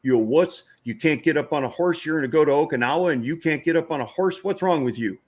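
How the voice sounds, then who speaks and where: A man doing a gruff mocking Marine. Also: a little high, quick pace, pitched above the performer's own voice, natural voice. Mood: teasing, gruff. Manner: barking, mocking drill-style taunts. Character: gruff male Marine teasing an airman.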